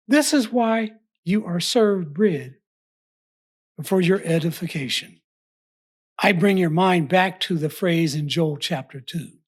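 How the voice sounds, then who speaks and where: A woman delivering a scripted Bible study sermon in a measured, emphatic, formal way. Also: lowish voice, slightly rough. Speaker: preacher.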